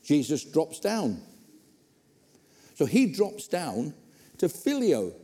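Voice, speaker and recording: Animated preacher in a reverberant hall. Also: male voice, fairly high pitch, slow pace. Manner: animated, conversational, with humorous asides. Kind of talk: sermon. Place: church hall.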